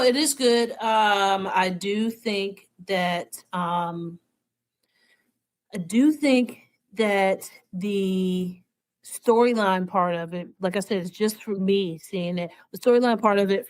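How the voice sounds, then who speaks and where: A woman co-hosting a casual entertainment podcast, talking in an animated, emotional way. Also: medium pitch, no echo. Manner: animated, emotional, acts out quotes. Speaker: podcast co-host. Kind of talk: casual chat.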